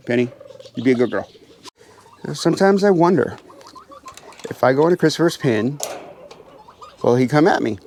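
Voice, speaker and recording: A man's voice: fairly high pitch, animated, moderate pace, pauses often, darkish tone, slight background noise. Chatty man coaxing his birds. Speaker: pheasant farmer and channel host. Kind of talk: casual vlog narration while doing chores. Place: outdoor aviary pens.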